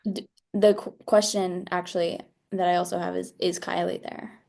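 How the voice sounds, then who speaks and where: A young woman co-hosting a casual podcast, asking deadpan follow-up questions and laughing easily. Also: fairly low pitch, moderate pace, creaky. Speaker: podcast co-host. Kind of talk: casual comedic chat.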